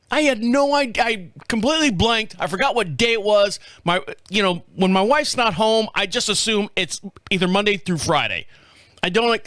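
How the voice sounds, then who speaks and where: A middle-aged man hosts his own show with a fairly high voice for a man. He rambles through a story in a loose, profane way and laughs at his own blunders. The sound is dry and close, with no room behind him. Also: no echo. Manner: animated, profane, laughs at himself. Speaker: podcast host. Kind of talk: casual storytelling monologue. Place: home studio.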